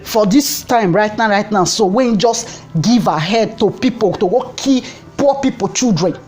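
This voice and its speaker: A woman's voice: medium pitch, a little slow, a little mellow, soft background music. Fervent Nigerian Pidgin woman vlogger. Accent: Nigerian Pidgin English. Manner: fervent and pleading, repeats phrases for emphasis. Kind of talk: impassioned political commentary to camera.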